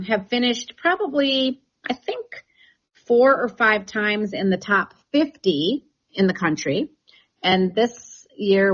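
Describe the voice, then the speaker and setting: A woman's voice: mid-range voice, dull audio. A woman who leads a real estate team, talking in a chatty, enthusiastic way with many restarts in a radio interview.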